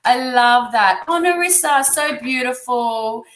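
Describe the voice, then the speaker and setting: A woman's voice: high voice, slow, fairly bright tone, a little hiss or hum. Effusive Australian woman reading tarot live. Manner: effusive, encouraging. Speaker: tarot reader. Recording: echoey room sound.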